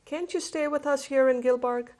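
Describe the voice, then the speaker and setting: A woman from India, a novelist, reading a passage of her fiction aloud with lively expression. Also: sits high, moderate pace. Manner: hesitant intro, then lively expressive reading.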